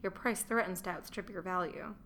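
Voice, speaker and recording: A woman reading the lines of a gruff, middle-aged Roman merchant who is contemptuous of his wife, in a scornful, grumbling manner, as an audiobook character voice. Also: fairly low pitch, fairly quick, fairly bright tone, slight background noise.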